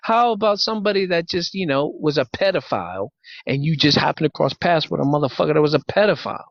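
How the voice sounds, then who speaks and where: A man's voice: fairly high pitch, fast, vocal fry, no room sound, muffled recording. Laughing, profane male host. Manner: laughs often, profane, lecturing. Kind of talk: casual debate chat.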